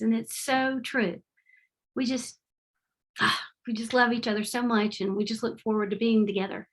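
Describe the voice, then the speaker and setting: Middle-aged woman presenter, warm and animated, a touch high-voiced, talking through slides on a call. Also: moderate pace. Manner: warm, heartfelt and animated, with faith-tinged phrasing. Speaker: presenter at a webinar. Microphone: remote video call.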